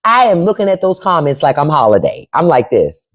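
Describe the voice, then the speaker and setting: A woman's voice: low voice, very animated, a little fast. A middle-aged woman hosting a casual livestream from home into a microphone, acting out quoted voices as she talks. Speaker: livestream host.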